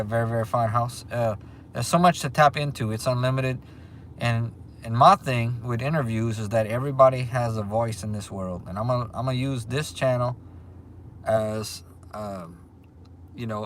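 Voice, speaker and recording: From a restaurant, a man from Louisiana with a Cajun accent hosts a casual livestream, reading out viewer comments in a rambling, chatty way full of restarts. His voice is mid-range, and there's slight background noise.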